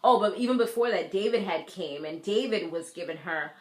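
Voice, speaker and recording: A woman recapping a TV episode in casual chat, animated, laughing often and acting out the characters' lines. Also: mid-range voice, brisk, reverberant. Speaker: TV recap vlogger. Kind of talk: casual recap with acted-out quotes.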